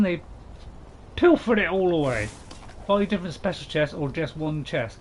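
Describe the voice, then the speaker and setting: A man's voice: on the high side, expressive, moderate pace, a little hiss or hum. A middle-aged man chatting casually with his live-stream viewers while he plays, rambling and joking with plenty of restarts. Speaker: gaming streamer.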